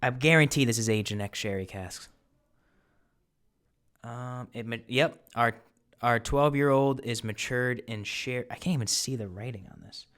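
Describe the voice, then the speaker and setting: Man, home whisky review host, smooth voice, rambling and filler-heavy. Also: mid-range voice, moderate pace, a bit bright. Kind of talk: casual whisky tasting review. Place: apartment.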